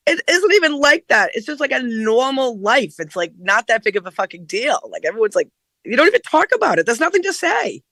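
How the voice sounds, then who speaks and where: Animated woman chatting on a stream. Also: fairly high pitch, fairly quick, no room sound. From Boston. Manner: animated, laughing, emphatic. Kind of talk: casual chat.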